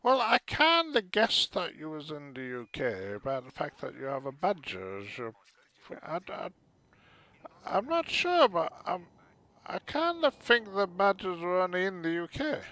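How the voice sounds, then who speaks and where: Chatty man with a gravelly, lively voice. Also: high-pitched, a little slow. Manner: muttering to himself, chatty asides. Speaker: gaming streamer. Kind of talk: casual gameplay commentary.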